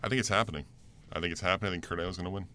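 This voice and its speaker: A man's voice: low voice, rapid-fire, pushed and bright, no room sound. A man co-hosting a casual podcast, chatting in an easygoing way. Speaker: podcast co-host. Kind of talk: casual chat.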